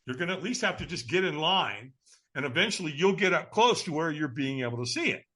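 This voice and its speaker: An easygoing, friendly stranger talks in a calm, reassuring way, as a man quotes him. The voice sits high and swings around a lot, with a bright edge. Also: quick pace. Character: friendly laid-back male stranger at event.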